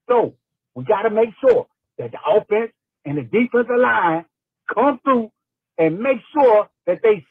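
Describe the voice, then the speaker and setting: A man's voice: sits high, breathy edge, no room sound. A man leaving a fired-up, slangy voicemail, repeating his points. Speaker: voicemail caller. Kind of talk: casual phone voicemail rant. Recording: tinny phone line.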